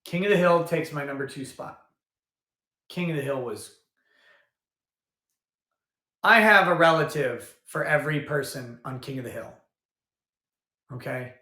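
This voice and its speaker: A man's voice: a little high, unhurried, pauses often, pushed and bright. A man hosting a casual livestream, rambling and thinking aloud as he goes, often restarting his sentences. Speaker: livestream host. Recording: roomy echo.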